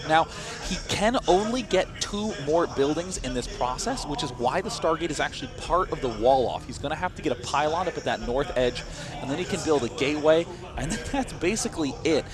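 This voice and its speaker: A man's voice: fairly high pitch, animated, a little fast. An American man casting a live strategy game match, analytical and fond of teasing banter. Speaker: esports commentator.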